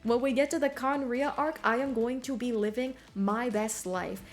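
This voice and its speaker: A woman's voice: a little high, normal speed, hardly any pauses, faint music behind. A woman streamer chatting casually with her viewers while gaming, bubbly and giggly, full of slang.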